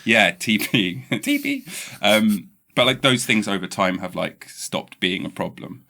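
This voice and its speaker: English podcast host man, bright forceful tone, low pitch, rambling chat with restarts. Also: a little slow, gravelly. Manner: rambling, restarts often, animated when quoting.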